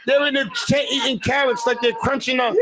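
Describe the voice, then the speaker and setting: A man hosting a show, delivering a loud, profane comic rant and often shouting. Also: extremely high pitch, flat delivery, brisk, very noisy. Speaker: show host.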